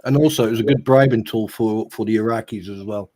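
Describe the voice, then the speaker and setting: An army veteran man with a deep, raspy voice, telling war stories in lively casual chat. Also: fast, no room sound. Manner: lively anecdotes with laughs and acted dialogue. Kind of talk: casual storytelling.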